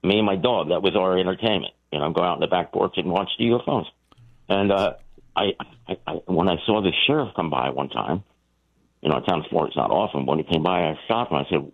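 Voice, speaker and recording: A man calling in to a radio show, telling a story in a rambling, animated way with many restarts. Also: deep voice, fast talker. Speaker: caller. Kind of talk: call-in storytelling. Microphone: telephone. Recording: tinny phone line.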